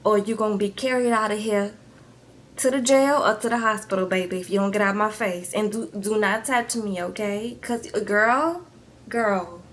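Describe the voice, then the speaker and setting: A woman's voice: mid-range voice, moderate pace, close to an everyday voice. Woman doing a sassy, fed-up working woman. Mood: sassy threatening. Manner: sassy, threatening.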